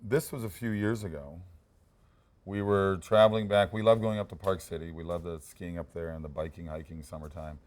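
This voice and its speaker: A man's voice: low voice, brisk. A middle-aged man, an actor, telling anecdotes casually in an interview, often restarting and repeating words. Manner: relaxed anecdotes, frequent repeats and stammered restarts. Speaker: actor guest.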